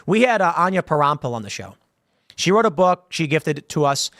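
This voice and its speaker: Male host, raised pitch, dry close sound, rambling commentary with acted quotes. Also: very animated, fairly quick, a bit bright, dry recording. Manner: rambling, conversational, with many restarts and acted-out quotes. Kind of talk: casual commentary reading viewer questions.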